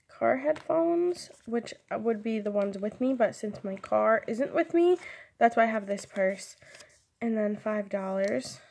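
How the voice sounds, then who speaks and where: A woman's voice: a little high, creaky, darkish tone. A young woman chatting casually in a vlog, rambling and giggling, with lots of "like" and "um". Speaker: vlogger. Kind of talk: casual chat.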